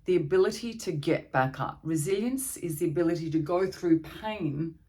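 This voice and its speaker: A woman speaking in a noticeably low voice, talking informally as a therapist. Her delivery is gentle and conversational, and she often pauses on fillers and restarts her sentences. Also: husky. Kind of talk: informal talk on anxiety strategies.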